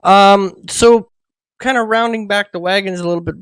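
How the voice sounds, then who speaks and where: A man with a high voice hosts a casual history chat, thinking aloud and tripping over repeated words. His voice sounds dry and close, with no room echo at all. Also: steady tone, normal speed, clear, resonant tone. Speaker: podcast host.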